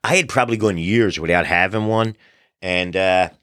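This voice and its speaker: A man hosting a podcast, telling funny stories in a relaxed, animated way. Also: low-pitched, moderate pace, clean tone, dry recording, clean studio sound. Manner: animated storyteller, acts out crowd voices. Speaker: podcast host. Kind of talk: casual storytelling chat.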